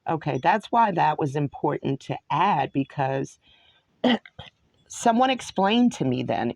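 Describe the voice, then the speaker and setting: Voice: medium pitch, no echo. A host in their mid-forties from New York, giving a solo study talk that wanders from one point to another. They stop often to correct themselves. The recording is dry and close, with no room sound. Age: 40s. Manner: rambling, digressive, self-correcting. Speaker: online show host.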